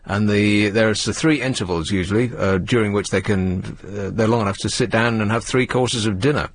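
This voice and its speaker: A man's voice: on the low side, normal speed, no echo. A man co-hosting a radio show, answering in a dry, wry, teasing way. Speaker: radio co-host, researcher. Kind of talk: casual radio banter.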